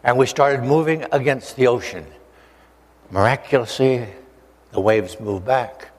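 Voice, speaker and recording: An older male preacher from the Oregon coast, telling a personal story in an animated way, acting out voices and joking with the listeners. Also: medium pitch, measured pace. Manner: animated storyteller, acts out voices, jokes with audience. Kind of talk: storytelling testimony sermon. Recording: long hall reverb.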